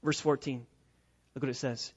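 A man's voice: medium pitch, steady tone, moderate pace, a little mellow, husky, highs cut off. A male pastor preaching an expository sermon, emphatic and repetitive, often asking rhetorical questions.

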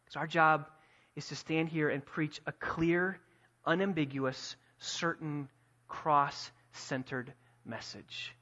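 A man preaching a sermon as pastor, emphatic, building to forceful peaks and dropping low again. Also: slow, dull audio. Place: church sanctuary.

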